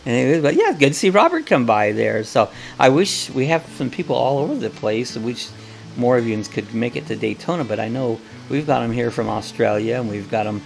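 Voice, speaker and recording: A man's voice: mid-range voice, very animated, fairly quick, gravelly, soft background music. A man hosting a casual live coffee chat, talking in a rambling, folksy way with lots of fillers and restarts.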